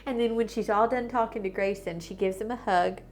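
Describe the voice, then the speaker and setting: A woman hosting a family vlog as the mother, chatty and lively as she tells stories about her toddler. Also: mid-range voice, fairly quick, faint music behind. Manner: chatty, animated, acts out her toddler's cute words. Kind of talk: casual family vlog storytelling.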